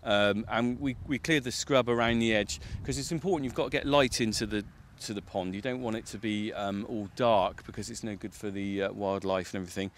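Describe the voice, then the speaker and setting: A man's voice: fairly low pitch, brisk, hardly any pauses, slight background noise. A man, a farmer, chatting casually and explaining things while walking his farm outdoors. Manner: chatty, explanatory, with filler words. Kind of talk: casual chat on a farm walk.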